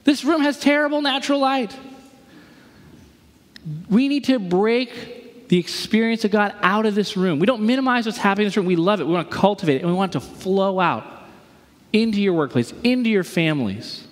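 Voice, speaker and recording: Middle-aged male preacher, storyteller, slightly high voice, echoing hall. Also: brisk. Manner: storytelling, animated, acts out quoted voices. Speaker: pastor. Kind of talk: sermon. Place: large church auditorium. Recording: long reverb of a large hall.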